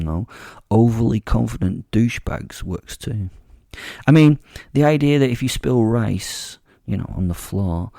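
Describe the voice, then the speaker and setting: A man's voice: on the low side, gravelly, warm tone, no echo, clean studio sound. A man telling a crude, rambling story in a sardonic tone as the werewolf narrator of an audio drama.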